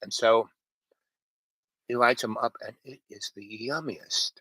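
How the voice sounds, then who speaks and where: A man's voice: medium pitch, a little slow, fairly bright tone, breathy edge, no room sound, rough recording. A man telling a long, rambling personal story in a casual way, full of fillers, restarts and quoted dialogue. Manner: meandering, many fillers and restarts, quotes others. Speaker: storyteller host.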